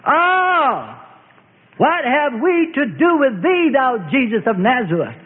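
A man's voice: very high-pitched, huge pitch swings, takes it slowly, pitched above the performer's own voice, full character voice. A man voicing a tormented male demon spirit, crying out in anguish with archaic words. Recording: reverberant tinny radio broadcast.

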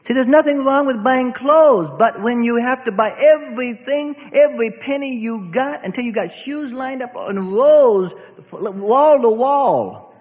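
A man's voice: very high-pitched, expressive, a little slow. A male preacher giving an emphatic sermon in a church assembly hall, often breaking in with "see?". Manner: emphatic, repetitive, keeps asking "see?". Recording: echoey hall, tinny phone-like sound.

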